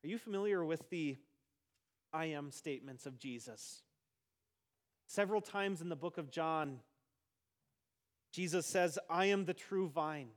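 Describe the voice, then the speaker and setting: Preaching with emphasis, a high-voiced male pastor drags out important phrases for weight. His delivery alternates between quiet moments and loud ones.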